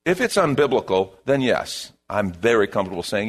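Lively, animated male pastor preaching. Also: on the low side, brisk, breathy edge. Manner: animated, conversational preaching with repeated phrases. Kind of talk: sermon.

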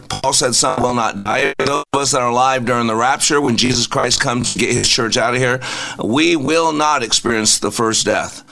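With a mid-range, bright, forceful voice marked by vocal fry, this male Christian radio host preaches inspirationally. He piles up rhetorical questions and repeats himself for emphasis.

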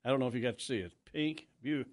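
A man's voice: mid-range voice, fast talker. An older man hosting a morning radio show, telling rambling stories with frequent restarts and easy laughs. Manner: rambling, self-interrupting storyteller who laughs easily. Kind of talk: casual radio banter. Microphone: studio microphone.

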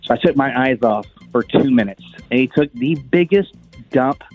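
A man's voice: medium pitch, animated, moderate pace, narrow, tinny audio, faint music behind. A man earnestly telling a radio show his grievance in casual chat, fired up and a little exasperated. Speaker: caller telling his story. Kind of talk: casual storytelling.

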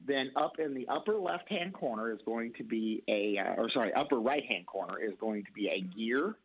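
Male tech guest, husky voice, lively pitch, casual step-by-step advice, dull muffled audio. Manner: casual, halting, explains step by step. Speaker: computer repair expert guest. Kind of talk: radio call-in tech advice.

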